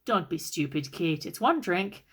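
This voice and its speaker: A woman reading aloud, voicing an offhand, dismissive young man who is an older brother, in a flat, casual way. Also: lowish voice, measured pace, breathy edge, exaggerated voice.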